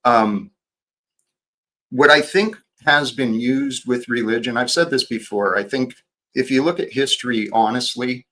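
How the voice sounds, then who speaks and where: Slow, bright-voiced male stream host. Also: medium pitch, slight background noise. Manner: slow, reflective, halting with restarts. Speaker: livestream host. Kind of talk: casual livestream chat.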